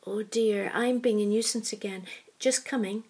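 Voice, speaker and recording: A woman's voice: mid-range voice, moderate pace, slightly rough. A woman voicing an elderly, forgetful woman in a storybook reading, cheerful and easily alarmed. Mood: flustered. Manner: bright, excitable, rising to cries.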